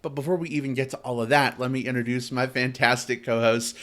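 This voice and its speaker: A man's voice: mid-range voice, quick pace. A man hosting a film podcast, opening the show and chatting playfully with his co-hosts. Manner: animated, playful. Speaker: podcast host. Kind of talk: casual chat.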